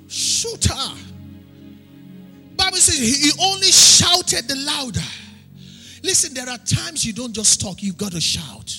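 A woman pastor with a Nigerian accent preaching a sermon, emphatic and often shouting in a chanting preacher's cadence. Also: high-pitched, expressive, normal speed. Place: church hall. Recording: long hall reverb with faint music.

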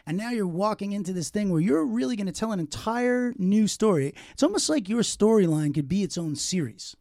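A man's voice: high voice, lively intonation, a little fast, creaky, darkish tone, dry recording, studio quality. A man hosting a podcast interview, brash and joking, swearing casually. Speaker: podcast host.

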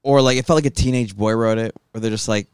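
A man's voice: on the low side, fairly even intonation, fast talker, clear, resonant tone, dry recording, clean studio sound. A young man chatting casually and joking, telling stories in a loose, riffing way. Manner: joking, storytelling, swears casually. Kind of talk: casual chat.

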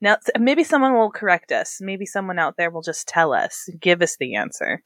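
A woman's voice: fairly low pitch, very animated, normal speed, a bit bright, dry recording, studio quality. Playful, laughing woman podcast co-host. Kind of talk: casual chat.

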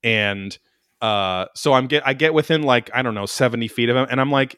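Casting: man telling a rambling, swear-heavy story, middle pitch, dry close sound. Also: a little fast, smooth, no room sound. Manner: animated, profane, rambling storyteller. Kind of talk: casual chat, storytelling.

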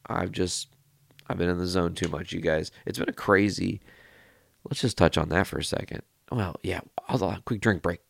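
Low gravelly-voiced podcast host. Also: male voice, normal speed, dry recording, clean studio sound. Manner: animated, rambling, swears freely. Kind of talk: casual storytelling monologue.

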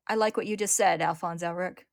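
A confident, defiant male officer in a storybook retelling, as read by a woman, delivering steady declarations. The voice is low, with a gravelly edge, close and dry. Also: fairly quick, dry recording.

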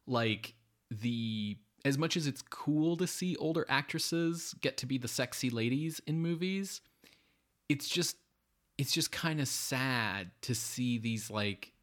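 A man co-hosting a podcast, chatting casually about a bad movie in a rambling, sardonic way full of "like" and fillers. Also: mid-range voice. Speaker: podcast co-host. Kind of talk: casual movie review chat.

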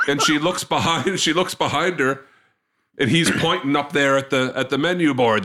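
A man's voice: a little high, fairly even intonation, normal speed, sharp tone. A man co-hosting a casual podcast chat, laughing often and retelling jokes with voices. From Canada. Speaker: podcast co-host.

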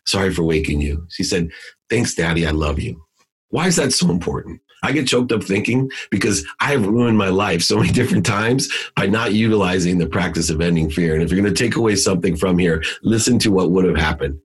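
A middle-aged man with a deep, low voice and a husky, slightly rough texture. He tells a motivational story with energy, jumping up in pitch to stress key words. He is a podcast guest speaking freely. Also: fairly quick, few pauses. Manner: emphatic, animated delivery with sudden pitch jumps.

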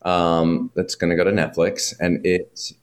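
A man, a guest from New York, telling animated stories in casual chat and swearing freely. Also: low voice. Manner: animated storytelling, heavy swearing, quick asides.

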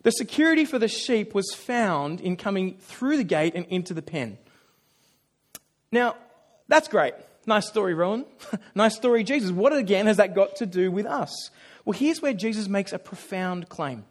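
A man with a noticeably high voice preaches a sermon, leaning into animated storytelling. He pokes fun at himself as he goes and slips into quick little voices to act out his stories. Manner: animated storytelling with self-deprecating humor. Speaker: pastor.

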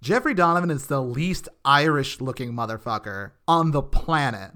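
A man's voice: mid-range voice, animated, normal speed, bright, forceful tone. A man co-hosting a casual podcast recap, enthusiastic and jokey, cutting in with side comments. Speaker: podcast co-host.

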